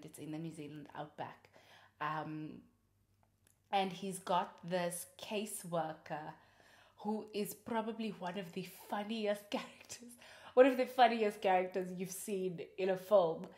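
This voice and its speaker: A woman host chatting casually about films, animated and quick to laugh, with many fillers. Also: on the low side, echoey room. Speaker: podcast host. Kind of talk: casual film review.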